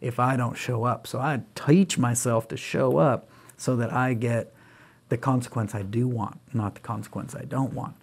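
With a mid-range voice carrying a breathy edge, a middle-aged podcast guest speaks at an ordinary speed. His storytelling is lively and chatty, and he performs the dialogue between himself and his children as he recounts parenting moments.

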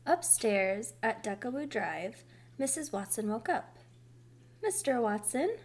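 Slow, gentle woman reading a storybook. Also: a little high. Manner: slow, careful, expressive. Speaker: storybook reader. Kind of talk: reading a children's book aloud.

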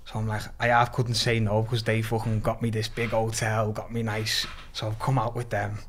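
Scouse lad spinning stories on a podcast, swears loads, laughs a lot. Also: male voice, lowish voice, a little fast, slight background noise. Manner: animated, swears freely, laughs through his stories. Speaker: podcast guest. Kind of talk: casual storytelling.

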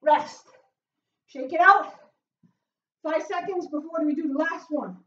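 Winded from exercising, a high-pitched fitness instructor leads live workout coaching, doing the moves herself and cheering viewers with loud whoops in an upbeat, unhurried way, breathless between exercises. The mic sits far off in a small enclosed room, giving a roomy, slightly muffled sound.

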